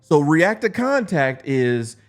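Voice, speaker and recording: A man's voice: on the high side, sing-song, takes it slowly. A man in his forties, an army veteran, casually telling a profane story and laughing as he acts out quotes. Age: 40s.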